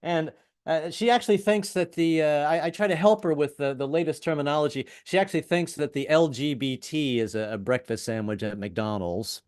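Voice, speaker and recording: A man in his fifties doing a self-deprecating stand-up routine over a video call, with wry punchlines and stammered restarts. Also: medium pitch. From US, moved around incl. the South. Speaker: stand-up comedian.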